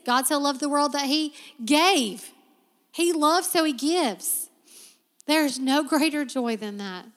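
A woman's voice: sits high, slow pace. A woman preacher giving a heartfelt sermon and prayer in a church, with a repetitive preaching cadence. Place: church sanctuary. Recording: long reverb of a church hall.

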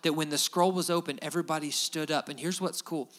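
A man who is a pastor, preaching a sermon in a lively, emphatic, conversational way. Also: a little high, fast talker.

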